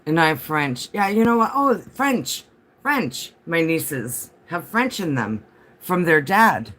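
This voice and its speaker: A man's voice: fairly high pitch, big pitch swings, a little slow, bright, forceful tone. A man chatting casually on a home livestream, rambling from topic to topic and answering viewer comments as they come in.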